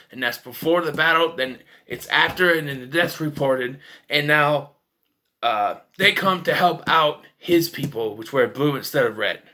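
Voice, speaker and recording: A man's voice: on the high side, bright, forceful tone. A man casually ranting about a film as a reviewer, profane and sarcastic. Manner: ranting, profane, jumps into mocking voices.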